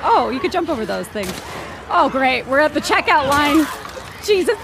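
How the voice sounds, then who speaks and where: A woman streamer reacting to a game, jumpy and excitable, often screaming, laughing and swearing. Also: high voice, normal speed, vocal fry. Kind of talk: live gameplay reactions. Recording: game noise under the voice.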